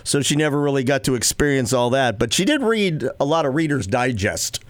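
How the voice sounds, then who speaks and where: A man's voice: medium pitch, expressive, fairly quick, no echo. A man hosting a podcast in a casual chat, rambling with fillers and laughing often. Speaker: podcast host.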